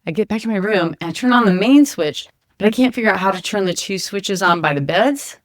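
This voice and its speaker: Fast-talking woman telling a story. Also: mid-range voice, no room sound, clean studio sound. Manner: animated storyteller acting out quoted voices. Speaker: podcast co-host, flight attendant. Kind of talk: casual storytelling chat. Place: home kitchen.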